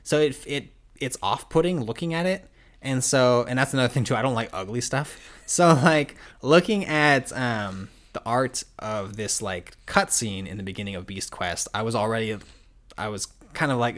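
Rambling, animated man in casual chat. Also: mid-range voice, moderate pace. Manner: rambling, lots of "like" and restarts, animated retelling.

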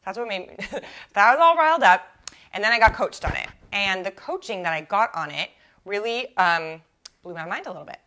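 A young adult woman hosting her own coaching podcast, talking casually and animatedly, full of "like" and quick self-corrections. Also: mid-range voice, bright, forceful tone. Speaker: life coach and podcast host. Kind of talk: casual solo podcast teaching.

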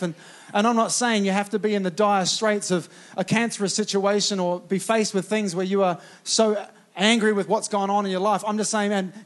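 Fervent New Zealand pastor, high voice. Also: male voice. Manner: fervent, chuckling often, rallying with "come on". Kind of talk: sermon.

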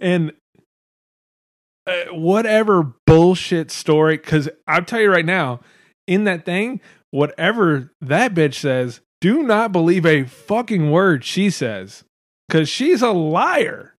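A man in his thirties hosting a casual podcast chat, telling stories in a profane, animated way, laughing often. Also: high-pitched, slow pace, dry recording, studio quality.

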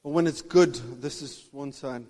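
Man, fervent sermon, loud-to-soft swings, reverberant church hall. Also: fairly high pitch, normal speed. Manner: fervent preaching, swinging from shouts to hushed tones. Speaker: pastor. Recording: long reverb of a big hall.

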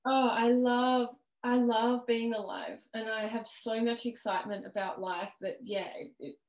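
A woman guest on a podcast, telling her personal story in a casual, animated way and laughing now and then. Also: on the high side, a little slow. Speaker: podcast guest, worthiness coach. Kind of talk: casual interview chat. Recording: roomy echo.

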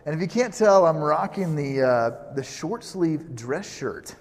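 A man's voice: on the high side, a little slow. Joking man preaching in a reverberant hall. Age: 30s. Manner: relaxed, joking storytelling with asides. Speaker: pastor. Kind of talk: casual sermon. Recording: long reverb of a large hall.

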